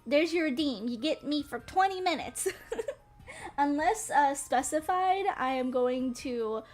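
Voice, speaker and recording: A young woman from North Carolina, a streamer chatting casually to her viewers in a bubbly, rambling way and often breaking into giggles. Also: high-pitched.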